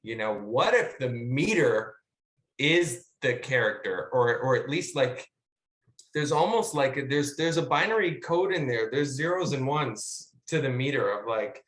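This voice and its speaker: Animated rambling male actor, roomy echo. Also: mid-range voice, a little slow. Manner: animated, rambling storyteller with filler words and profanity. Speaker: guest actor. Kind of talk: casual conversational teaching.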